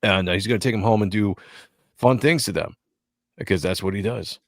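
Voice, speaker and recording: A man's voice: on the low side, fairly quick, vocal fry, dry recording. Man, comic book review co-host, casual chat, dry close sound, jokey. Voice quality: animated, jokey, acts out dialogue. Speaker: podcast co-host.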